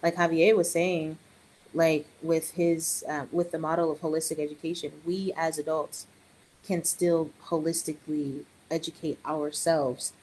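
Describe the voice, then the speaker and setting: Animated woman, low voice. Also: measured pace, a little hiss or hum, low-quality recording. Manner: animated, joking asides, quotes others in raised voice. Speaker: early childhood educator guest. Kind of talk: casual podcast conversation.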